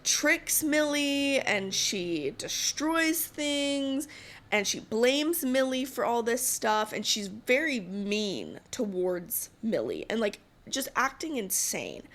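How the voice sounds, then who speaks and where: A woman's voice: fairly high pitch, fairly bright tone. A woman hosting a podcast, chatting casually and gossipily through a TV show recap with lots of fillers. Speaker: podcast host.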